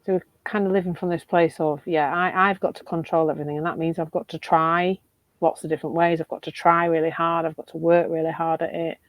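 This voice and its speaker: A middle-aged woman from England, thinking aloud in a reflective chat as a podcast co-host, animated and quick to laugh. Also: deep voice, dry recording. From Northern England.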